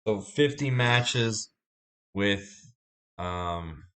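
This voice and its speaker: A man's voice: fairly low pitch, lively intonation, drawn-out words, fairly bright tone. A man hosting a live game stream, chatting casually and greeting viewers by name. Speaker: livestream host. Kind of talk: casual chat while gaming.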